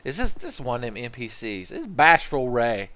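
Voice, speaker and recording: A man's voice: medium pitch, very animated, moderate pace, bright, forceful tone. A young man streaming a game, giving rambling, profane, joking commentary into a desk mic. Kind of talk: casual gameplay commentary.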